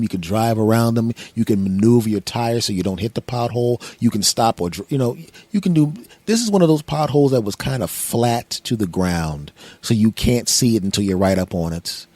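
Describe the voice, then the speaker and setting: A man's voice: medium pitch, animated, brisk, a little mellow, no room sound. A man from Philadelphia hosting his own podcast, telling a rambling, self-mocking comedic story with voiced asides. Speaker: podcast host. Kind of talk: comedic monologue.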